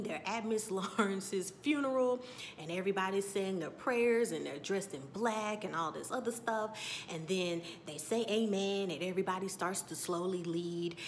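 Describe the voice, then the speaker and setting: A woman's voice: mid-range voice, a little hiss or hum. A woman giving a casual recap and review of a TV episode, telling it as a story and acting out the characters' lines with exclamations. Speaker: TV recap vlogger.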